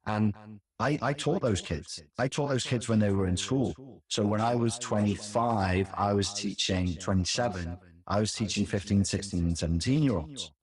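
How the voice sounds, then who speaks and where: A man's voice: on the low side, normal speed. A man in his forties, a former teacher, giving opinionated commentary in conversation, stressing points by repeating words. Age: 40s.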